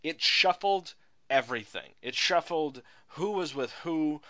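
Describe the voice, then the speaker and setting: Man, podcast co-host, profane rant, tense bright tone, lo-fi audio. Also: a little high, measured pace. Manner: profane, ranting, animated. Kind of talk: casual chat.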